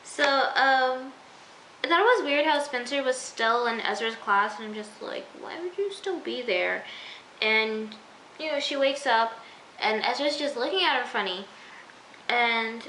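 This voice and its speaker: A woman chatting through an episode review, acting out her own reactions and sometimes dropping into a soft near-whisper. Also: a little high, a little hiss or hum. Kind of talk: casual episode review vlog. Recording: echoey room.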